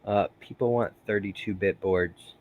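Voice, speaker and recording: A man's voice: on the low side, normal speed, dry recording, narrow, tinny audio. A man hosting a casual live stream, rambling with many fillers and frequent laughs. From United States. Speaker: host.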